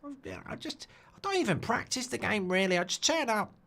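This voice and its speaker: A man's voice: sits high, animated, fairly quick, vocal fry, pushed and bright, pitched above the performer's own voice, exaggerated voice. A man putting on a laid-back London snooker champion, offhand and boastful, tagging "right?" and "you know?" onto his lines. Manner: offhand, boastful, tag questions.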